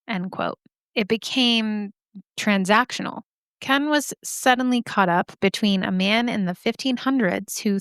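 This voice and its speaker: A woman's voice: medium pitch, no echo, studio quality. A woman hosting a podcast, telling a story casually with joking asides and lots of "like". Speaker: podcast host.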